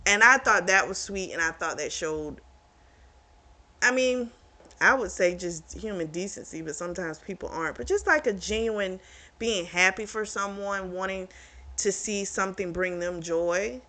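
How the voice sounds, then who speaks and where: A woman's voice: mid-range voice, moderate pace, bright, forceful tone. A woman hosting her own book review channel, chatting casually through the plot with lots of "like" and "you know".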